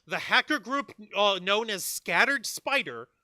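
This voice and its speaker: A high-pitched man with a very bright, cutting tone, recorded dry and close. He co-hosts a live news chat, talking in an animated, excitable way and tossing in quick asides. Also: dry recording. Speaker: podcast co-host.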